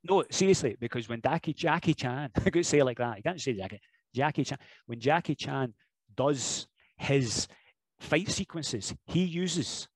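Animated Scottish man, dry close sound. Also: mid-range voice, dry recording, low-quality recording. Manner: animated, jokey storyteller who slips into impressions and laughs. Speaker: professional wrestler guest. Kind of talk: casual podcast interview chat.

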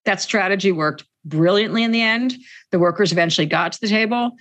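A woman labor organizer answering interview questions in an emphatic, insistent way. She repeats her key points and slows down sharply to stress them. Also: mid-range voice, fairly bright tone.

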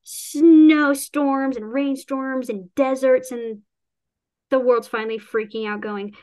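A woman's voice: high voice, steady tone, takes it slowly, dark tone. Chatty woman rambling about her novel. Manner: chatty, rambling with restarts and acted-out quotes; laughs often while talking. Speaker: author discussing her novel. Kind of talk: casual chat.

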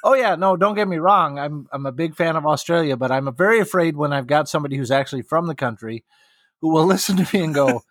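A man's voice: fairly high pitch, fast, no echo, clean studio sound. An American man co-hosting a podcast, joking and laughing through a casual interview. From United States. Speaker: podcast co-host.

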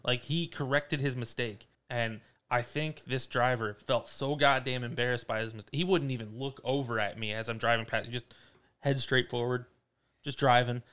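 Brief: young male podcast co-host, clear voice, animated and swearing a lot in casual chat. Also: mid-range voice, normal speed. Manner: profane, animated storyteller.

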